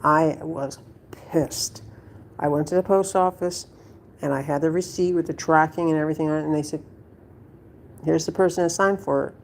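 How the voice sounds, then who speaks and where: A woman's voice: low voice, fairly even intonation, normal speed, long pauses, slight background noise. A woman at home telling a story to her viewers in a blunt, rambling way, swearing freely. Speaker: vlogger. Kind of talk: casual storytelling to camera.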